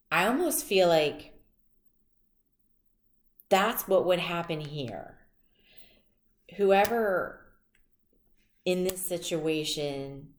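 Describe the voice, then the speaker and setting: In an echoey room, a woman with a low voice delivers a casual tarot reading. She wanders off into chatty tangents and personal anecdotes.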